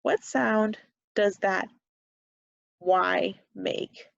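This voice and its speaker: A woman with a slight Upper Midwest American accent teaches children phonics at an unhurried, careful pace, pausing often for answers. Her voice sits at an ordinary middle pitch. The sound is dry and close, with the muffled, lo-fi quality of a webcam mic. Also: creaky, no echo. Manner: slow, patient, encouraging, leaves pauses for answers. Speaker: second grade teacher. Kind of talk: remote phonics lesson.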